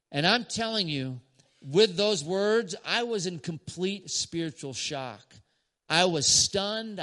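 A man preaching as a pastor, telling a story to a congregation with emphatic pauses and short laughs. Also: sits high, bright, forceful tone. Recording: long church hall reverb.

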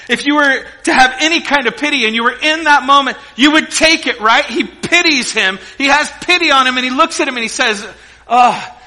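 A man preaching a sermon, animated and joking, acting out the characters' voices while a little sick. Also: sits high, low-quality recording. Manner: animated, jokey, acts out voices. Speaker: pastor.

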